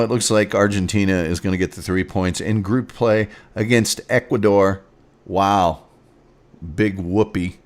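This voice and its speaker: Rambling sarcastic sports host, lively pitch. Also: male voice. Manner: rambling, sarcastic asides, reads scores aloud. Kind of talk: casual sports commentary and rants.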